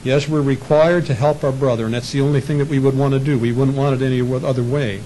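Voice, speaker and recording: A man's voice: medium pitch, fairly even intonation, fast talker, dark tone, slight background noise, low-quality recording. A man preaching a sermon in a conversational way, sometimes acting out little voices for the people in his stories. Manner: conversational preaching with acted asides. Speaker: pastor.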